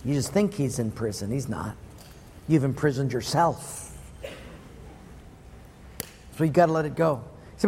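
A man's voice: medium pitch, lively intonation, measured pace, long pauses, a little mellow, long reverb tail, a little hiss or hum. A man preaching a sermon, telling stories in a punchy, playful way. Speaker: pastor.

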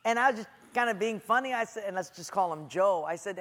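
Middle-aged male preacher, animated storyteller, high voice, echoey hall. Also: fast. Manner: storytelling, animated, acts out quotes. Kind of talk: sermon.

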